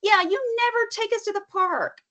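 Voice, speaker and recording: A woman's voice: normal speed, a bit bright. A woman doing a whiny little kid. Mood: whining. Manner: high whining complaint. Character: whiny frustrated young child.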